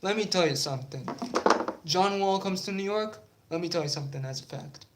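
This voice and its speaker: A young man hosting his own sports talk channel, talking casually with many fillers and pauses, growing defiant. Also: high voice, heavy background noise. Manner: halting, many fillers, then heated and defiant. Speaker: YouTube sports channel host. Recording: echoey room.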